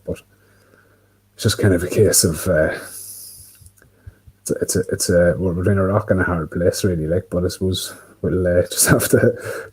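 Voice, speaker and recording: A low, slightly mellow male voice with a breathy edge, captured in poor audio. He's an Irish livestream host rambling casually to himself by a window indoors, his talk full of fillers and swearing.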